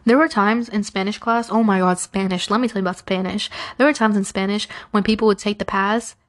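A woman's voice: medium pitch, a little fast. A young woman hosting a podcast, chatting casually and acting out the people in her stories. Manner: chatty, animated retelling with acted-out quotes. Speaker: podcast host. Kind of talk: casual storytelling.

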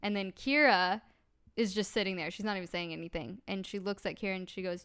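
Brief: woman, 20s, podcast co-host, casual storyteller, clean resonant tone, mid pitch. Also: brisk, clean tone. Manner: animated storyteller, heavy "like" filler. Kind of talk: casual chat.

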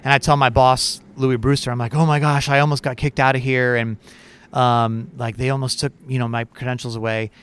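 A man co-hosts a podcast and spins a casual story, chatty and animated, with many fillers along the way. His voice is smooth and clear, sitting in a middle pitch. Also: a little fast. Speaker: podcast co-host.

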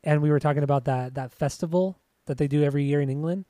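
A laid-back man co-hosting a music podcast, teasing his partner and laughing easily. His voice sits a little high for a man. The recording is dry and close-miked. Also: fast talker, warm tone, no room sound. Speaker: podcast co-host. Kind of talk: casual chat about music.

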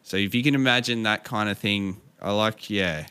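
A man's voice: fairly low pitch, normal speed, bright, forceful tone, smooth, dry recording. A man with an Australian accent, a guest in a casual interview, talking hesitantly with many ums and restarts.

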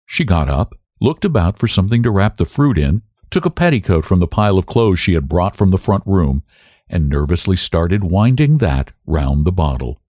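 Man, story narrator, lively intonation, dry close recording. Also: low voice, no echo. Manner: measured, expressive reading. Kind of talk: literary story reading.

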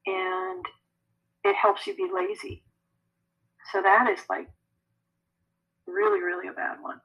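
A woman who works as an energy healer, answering podcast interview questions in a chatty, animated way. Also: medium pitch, slow pace, gravelly, slightly rough, dull audio. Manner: animated, conversational, laughs often.

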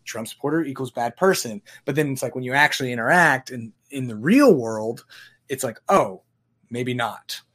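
A man's voice: mid-range voice, expressive, a little fast, a bit bright. A man in casual conversation who talks in a reflective, rambling way and often restarts his phrases.

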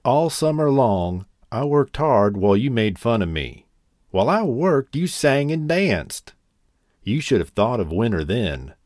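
A diligent little ant, as a man reading a storybook puts him on, firm and matter-of-fact. He speaks slowly with a lively rise and fall. The voice sounds close and dry. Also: mid-range voice, dry recording. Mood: stern. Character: hardworking male ant, earnest and stern.

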